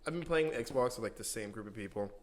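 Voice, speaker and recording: A man's voice: on the low side, lively intonation, fast, a crowd in the background. A man co-hosting a podcast in casual chat, easygoing, full of "like" fillers and jokey asides. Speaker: podcast co-host.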